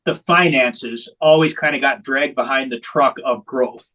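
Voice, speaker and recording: A man's voice: mid-range voice, a little slow, fairly bright tone, dull audio. A man who founded a veterans hockey program, telling its story in an interview with candid, emphatic repetition. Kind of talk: long-form interview storytelling.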